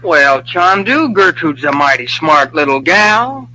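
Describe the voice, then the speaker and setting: Folksy dim lieutenant. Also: male voice, a little high, big pitch swings, takes it slowly, bright, forceful tone, exaggerated voice, poor audio. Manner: folksy, easygoing. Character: friendly dim young army lieutenant. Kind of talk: 1940s radio acting.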